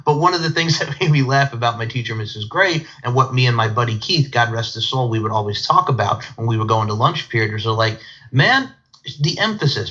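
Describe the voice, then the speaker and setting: A man hosts a casual interview, drifting into digressive stories and laughing often. His voice is bright and forceful. The recording is dull and lo-fi. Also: medium pitch, lively intonation, brisk. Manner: rambling, digressive storyteller who laughs often. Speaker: podcast host. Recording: dull lo-fi sound.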